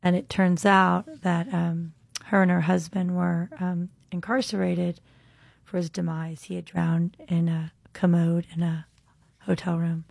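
Female podcast host with a gravelly voice, telling an earnest faith testimony in a dry, close recording. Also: fairly low pitch, flat delivery, a little slow, darkish tone, dry recording. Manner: earnest, heartfelt storytelling with many "um"s. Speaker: podcast host and jail minister.

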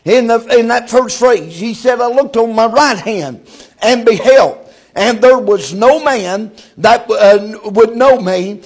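A man preaching a sermon, in a chanting cadence full of "uh" fillers, sometimes shouting. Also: high voice, slightly rough.

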